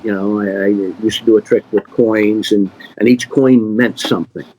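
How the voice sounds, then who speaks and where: A middle-aged man, a magician, answering questions in a relaxed, rambling way with many fillers and restarts. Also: on the low side, normal speed, a little hiss or hum, rough recording. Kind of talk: casual conversational Q&A.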